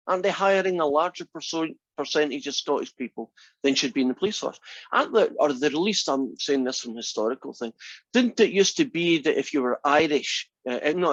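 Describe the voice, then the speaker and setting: Questioning math teacher lecturing a class. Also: male voice, fairly high pitch, no room sound, muffled recording. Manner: asks the class many rhetorical questions. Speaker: math instructor.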